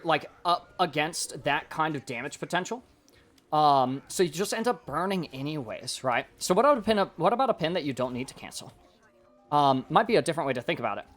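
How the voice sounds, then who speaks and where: A man giving casual live-stream coaching commentary on gameplay, excitable and rambling as he thinks aloud. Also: on the high side. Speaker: game coach reviewing gameplay.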